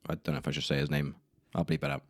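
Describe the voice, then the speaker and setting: A young man talks alone into a camera for his podcast, rambling through embarrassing stories about himself. His voice sits very low, and the room sounds dry and close. He swears casually and makes fun of himself as he goes. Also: very animated, very fast, creaky, no echo. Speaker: podcast host. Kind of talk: solo podcast storytelling. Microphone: camera mic in a room.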